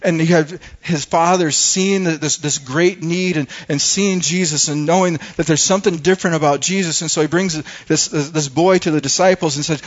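A man's voice: on the high side, fairly even intonation, moderate pace, few pauses. A man preaching a sermon as pastor, earnest, and often repeating and stumbling over words. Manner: earnest, stammering repetitions. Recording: dull lo-fi sound.

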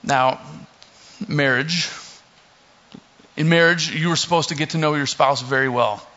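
Speaking unhurriedly in a somewhat high voice, the young pastor delivers an easygoing sermon that includes scripture reading. Expect joking asides and frequent fillers, heard through a dull, muffled lo-fi recording.

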